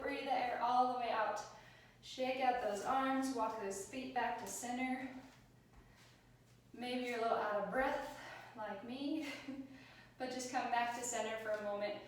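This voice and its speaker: A woman teaching a yoga class, calmly and encouragingly cueing each breath and movement. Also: a little high, slight background noise. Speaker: yoga instructor. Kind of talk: guided yoga class instruction. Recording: echoey room, mic at a distance.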